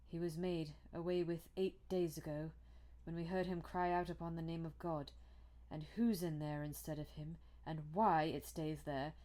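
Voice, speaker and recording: A woman's voice: sits low, steady tone, normal speed, dark tone, natural voice. A woman reading aloud as a frightened old male butler who speaks in a harsh, broken, urgent way. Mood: anxious, urgent.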